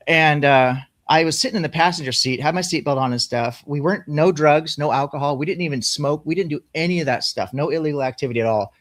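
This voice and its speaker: A man telling a personal story in casual, profane conversation, animated as he goes. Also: a little high, quick pace, hardly any pauses, no echo, clean studio sound.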